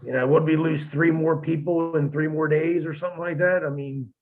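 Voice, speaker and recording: A former wrestler on a podcast, talking in a blunt, profane, rambling way with many restarts. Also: male voice, a little high, steady tone, brisk. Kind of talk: casual podcast chat. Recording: tinny phone-like line.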